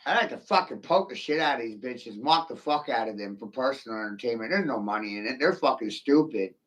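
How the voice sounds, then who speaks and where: A man's voice: medium pitch, lively intonation, a little fast, a bit bright. A man delivering a rambling, profane, mocking solo rant to the camera.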